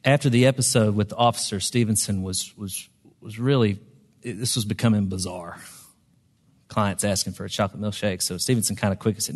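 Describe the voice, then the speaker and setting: A man's voice: lowish voice, fairly even intonation, brisk, in a large hall. A man preaching a sermon, telling a story in a conversational way with frequent ums and restarts. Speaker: pastor.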